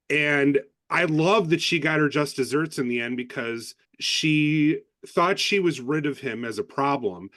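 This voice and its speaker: A man's voice: mid-range voice, fairly bright tone, no room sound. A man giving frank, opinionated views in a casual podcast discussion, with some swearing. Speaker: podcast co-host.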